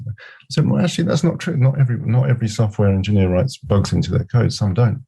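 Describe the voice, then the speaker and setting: A man's voice: fairly low pitch, expressive, quick pace, gravelly, dark tone, slightly rough. A middle-aged man, a guest on a podcast, speaking reflectively and telling anecdotes with quoted back-and-forth. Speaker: podcast guest, scrum master. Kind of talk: conversational interview.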